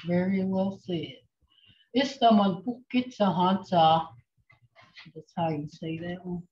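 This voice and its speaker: A woman teaching a language class online, speaking slowly and patiently and repeating phrases for her students. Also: fairly low pitch, darkish tone. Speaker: language instructor. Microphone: video call. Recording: dull lo-fi video call audio.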